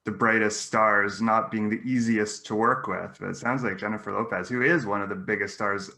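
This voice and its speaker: A man's voice: on the low side, steady tone, normal speed, gravelly, bright, forceful tone. A man hosting a podcast interview, easygoing and encouraging with his guest. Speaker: podcast host.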